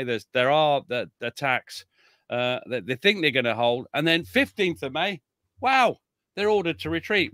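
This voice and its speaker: Bright-voiced male historian, chatty and blunt. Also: mid-range voice, clear, resonant tone, no echo, studio quality. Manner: chatty, frequent restarts and chuckles, blunt asides. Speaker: military historian guest. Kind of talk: casual conversational interview.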